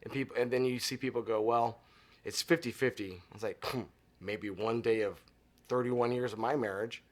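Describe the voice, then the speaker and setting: A man's voice: mid-range voice, moderate pace. A middle-aged man from Arizona, a guest in an interview, telling stories in casual chat and acting out the voices in them. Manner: animated storyteller acting out dialogue.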